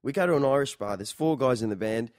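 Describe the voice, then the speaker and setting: A man hosting a podcast, telling stories in an animated, casual way. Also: mid-range voice, fast, dry recording, clean studio sound. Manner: animated storyteller. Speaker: podcast host. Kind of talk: casual chat.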